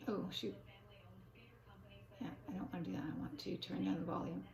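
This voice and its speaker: Rambling older woman with gravelly voice. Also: mid-range voice, moderate pace, a little mellow. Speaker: vlogger. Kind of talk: casual rambling chat. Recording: echoey room.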